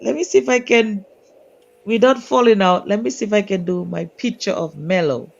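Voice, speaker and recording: A woman's voice: medium pitch, normal speed, vocal fry. Giggly woman on a live stream. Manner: giggly, playful, stumbles for words. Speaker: panel participant. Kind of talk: casual live-stream chat. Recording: slightly dull lo-fi audio.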